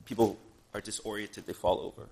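A man preaching a sermon in a church in a relaxed, conversational way, pausing for an interpreter and adding joking asides. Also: lowish voice.

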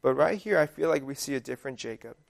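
Casual young man preaching, gravelly voice. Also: mid-range voice, animated, quick pace. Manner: conversational, full of fillers like "like" and "um". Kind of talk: casual sermon.

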